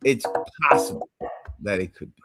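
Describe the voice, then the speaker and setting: A man's voice: moderate pace, pushed and bright, faint music behind. A man co-hosting a livestream, musing casually about a show. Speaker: co-host. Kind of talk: casual chat.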